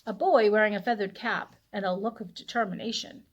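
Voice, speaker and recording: A woman librarian reading a picture book aloud to children in a playful, animated storytelling voice. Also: medium pitch, a little fast, dull audio.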